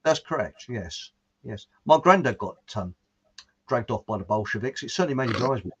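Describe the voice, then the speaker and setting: A man hosts a casual chat show, rambling as he reads viewer comments and laughing at his own jokes. His medium-pitched voice is animated, fairly quick and fairly bright, with a little hiss or hum over muffled lo-fi audio.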